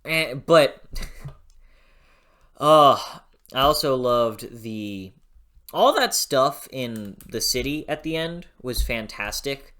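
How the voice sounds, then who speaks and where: A young adult book reviewer speaks in a casual vlog at an unhurried pace. The voice has a bright, tense edge. The talk rambles and gushes, with fits of loud swearing. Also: mid-range voice, big pitch swings. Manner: gushing and rambling, bursting into loud swearing rants.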